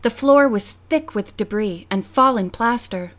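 A woman reading a mystery audiobook aloud in an expressive manner. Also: medium pitch, measured pace, hardly any pauses. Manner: expressive, character voices. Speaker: audiobook narrator.

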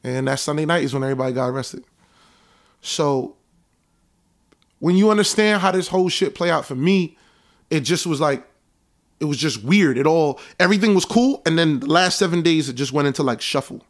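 A young man, casually recounting events in an animated storytelling monologue. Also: a little high, fairly quick, long pauses. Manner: animated, reenacts conversations in a raised voice. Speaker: show host recounting events.

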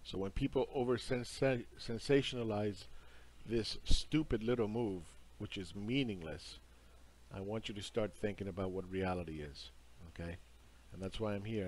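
Low-ish voiced guy walking through charts, insistent, kinda scornful. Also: a little mellow. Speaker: market commentary host. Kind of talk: lecturing over charts.

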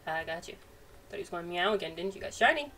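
A woman's voice: lowish voice, little pitch movement, fast, fairly bright tone, soft background music. Playful woman chatting through a game. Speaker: gaming channel host. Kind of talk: let's-play commentary. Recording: distant mic, faint noise.

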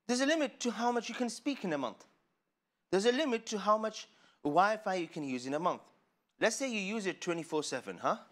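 Man, children's TV teacher, high-ish lively voice, playful and chatty, laughs a lot. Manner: animated, playful, laughing often, asks rhetorical questions. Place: studio.

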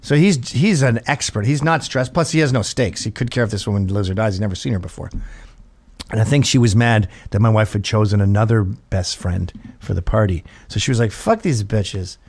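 A man's voice: lowish voice, brisk. A man in his fifties, a show host, telling a comedic story with lots of swearing and acted-out quotes. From Britain. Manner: profane, animated, acts out quotes.

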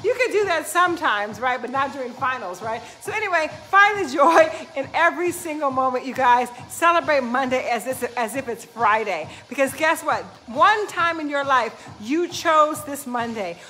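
Speaking at a normal pace with hardly any pauses, a high-voiced woman fitness coach gives her live audience an energetic, preachy motivational talk. She leans on "right?" again and again over background music.

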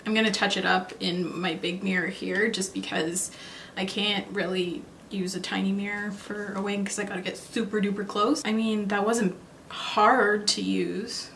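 A chatty woman talks her way through a makeup routine, thinking aloud as she goes. Her voice sits at a medium pitch, with a faint hiss of noise behind it. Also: vocal fry, a bit bright. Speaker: beauty vlogger. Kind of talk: casual makeup tutorial chat.

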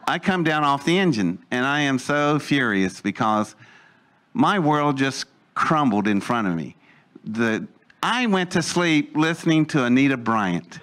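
Animated man telling a story. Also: mid-range voice, smooth. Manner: animated, acts out quoted voices, laughs while telling. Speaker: storyteller recounting his own experience. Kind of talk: casual spoken storytelling.

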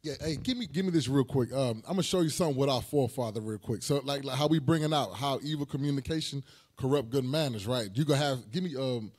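A man in a Bible class who directs the reader and explains the scriptures quickly and directly. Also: mid-range voice, darkish tone, slightly rough. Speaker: class member.

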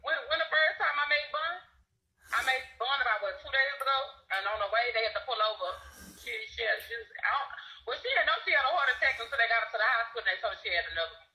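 Woman on speakerphone, high voice, talks real fast, lots of cussing and laughing, dull muffled sound. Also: animated, bright, forceful tone. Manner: fast, profane, laughing storytelling. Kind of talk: casual phone call on a live stream. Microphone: phone on speaker.

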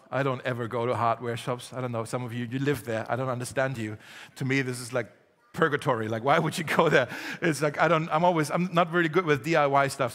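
A man's voice: mid-range voice, a bit bright, big-room sound. A man preaching a sermon as pastor, telling stories conversationally and building to emphatic appeals. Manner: storytelling, conversational with laughs, rising to emphatic exhortation. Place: church hall.

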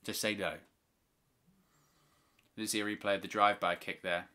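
A man's voice: on the low side, little pitch movement, moderate pace, bright, forceful tone. A man hosting a live watch-along, giving play-by-play wrestling commentary with opinionated, exasperated asides.

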